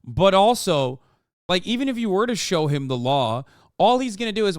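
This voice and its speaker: A man in his thirties reacting live to videos as a streamer, swearing and animated. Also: sits high, moderate pace, smooth, no room sound, studio quality. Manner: profane, animated.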